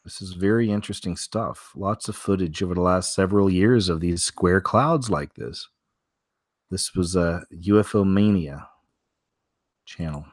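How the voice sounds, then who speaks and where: A man's voice: deep voice, a little slow, no echo, clean studio sound. A man hosting a weekly strange-news show from home, talking casually and rambling through stories with many fillers and restarts.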